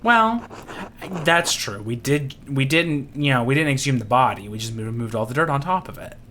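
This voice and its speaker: A man's voice: mid-range voice, lively intonation, normal speed, pushed and bright, slight background noise. A man playing a story game and joking through it in casual, profane, giggly commentary. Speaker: game streamer. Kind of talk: casual let's-play commentary.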